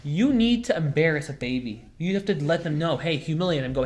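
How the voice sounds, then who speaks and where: A young man hosts a casual podcast, his voice sitting a little higher than most men's. He rambles through jokey stories, full of fillers and restarts. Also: expressive, brisk, a little mellow. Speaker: podcast host. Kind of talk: casual chat.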